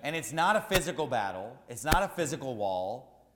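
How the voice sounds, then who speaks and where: A man preaching a sermon as pastor, emphatic and repetitive, rising to shouts at times. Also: mid-range voice, big pitch swings, moderate pace, reverberant, in a large hall, crowd noise.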